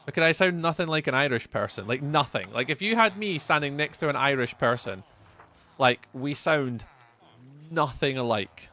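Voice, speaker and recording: A young Scottish man from the Edinburgh area livestreams a game, chatting casually with viewers, reading chat aloud and repeating phrases. His medium-pitched voice is animated and sharp at normal speed, with faint music behind.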